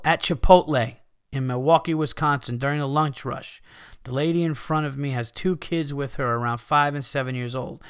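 A man hosting a casual podcast tells stories and reacts to listener emails, swearing freely and laughing a lot. His mid-pitched voice is smooth and crisp, recorded dry and close on a studio mic. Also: no echo. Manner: profane, laughing, animated storyteller. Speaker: podcast host.

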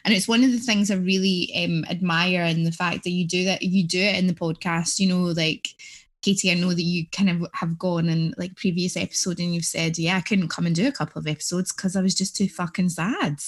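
Woman guest, low-ish voice, hesitant and filler-heavy. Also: fairly even intonation, fairly quick. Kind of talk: casual chat.

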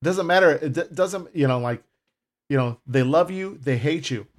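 A man's voice: a little high, moderate pace. Rambling man in casual podcast chat. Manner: rambling, many fillers. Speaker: podcast co-host.

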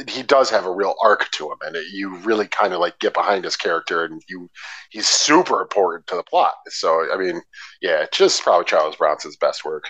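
A man's voice: low-pitched, a bit bright, breathy edge, rough recording. A man co-hosting a casual film podcast, laid-back and enthusiastic, with casual swearing. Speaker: podcast co-host.

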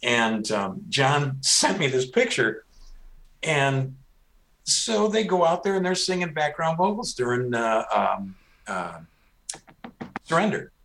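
Mid-pitched male host, chatty, hesitant, many restarts. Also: very animated, takes it slowly, gravelly, fairly bright tone, slight background noise. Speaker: host, band author. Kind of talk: casual interview chat.

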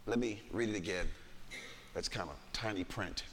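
A man's voice: lowish voice, moderate pace, fairly bright tone, slight background noise. A man preaching a sermon, reading scripture aloud with dramatic emphasis in a church sanctuary. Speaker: pastor. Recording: long hall reverb.

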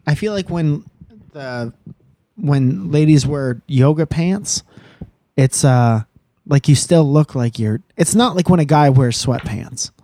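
A man's voice: on the high side, lively intonation, slow pace, dark tone, dry recording. A young man co-hosting a casual podcast, rambling and joking with crude, profane humor. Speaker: podcast co-host.

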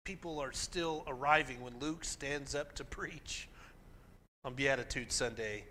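A pastor preaching a sermon in an earnest, emphatic way, now and then reading scripture aloud with dramatic force. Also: male voice, medium pitch, a little slow, pushed and bright, slight background noise.

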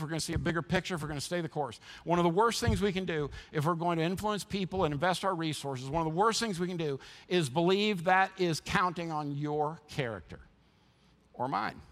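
A man preaching a sermon as pastor, impassioned and emphatic, often repeating words as he restarts. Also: a little high.

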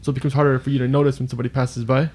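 A man's voice: mid-range voice, little pitch movement, very fast, darkish tone, slightly rough. A man co-hosting a podcast in casual chat, rambling and trailing off, laughing often. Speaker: podcast co-host.

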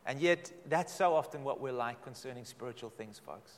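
A middle-aged man, a pastor, giving a sermon with dramatic, emphatic delivery and slow repeated phrases. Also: mid-range voice, lively intonation. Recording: long hall reverb.

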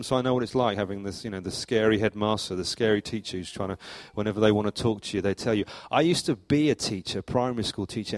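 A middle-aged man preaching a sermon as church leader, telling stories in a lively way with sudden rises in pitch and loudness. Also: no room sound. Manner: animated storytelling, acts out anecdotes with jumps in pitch and volume. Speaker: pastor.

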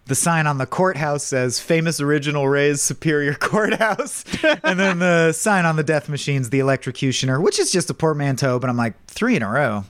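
A man co-hosting a podcast in casual chat, lively, laughing often and quoting lines in funny voices. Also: fairly high pitch, fairly quick, hardly any pauses, no echo, studio quality. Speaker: podcast co-host.

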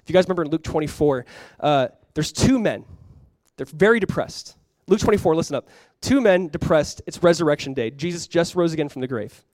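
A young man with a notably high voice preaches with animated, casual energy, talking to his congregation as if chatting with friends. The sound is dry and close, with almost no room around it. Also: brisk, dry recording. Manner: animated, conversational preaching with frequent "like". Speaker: pastor. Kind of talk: sermon.

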